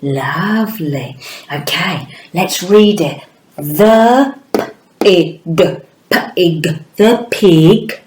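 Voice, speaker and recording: A woman teaches phonics to young children at a very unhurried pace, drawing out each letter sound in a sing-song way. Her voice sits a little low for a woman. The room around her rings with echo. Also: lively intonation, a little mellow, slight background noise. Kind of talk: early-years phonics lesson.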